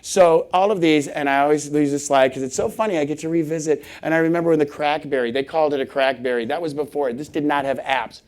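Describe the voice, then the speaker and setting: A middle-aged man giving a humorous conference talk, animated and laughing often as he acts out little scenes. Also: fairly high pitch, fast talker, few pauses. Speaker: conference speaker. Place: conference hall stage.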